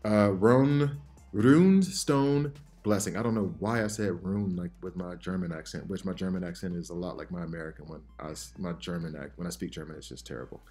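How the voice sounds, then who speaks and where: A man hosting a casual game commentary video, rambling and excitable, jittery from too much coffee. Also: deep voice, fairly quick, soft background music. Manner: rambling, excitable, self-interrupting. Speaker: gaming channel host.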